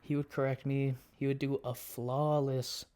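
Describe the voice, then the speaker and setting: A man's voice: mid-range voice, moderate pace, clean tone. A laid-back young man, a college student, chatting casually as a podcast guest. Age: young adult. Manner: laid-back, relaxed storytelling. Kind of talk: casual chat.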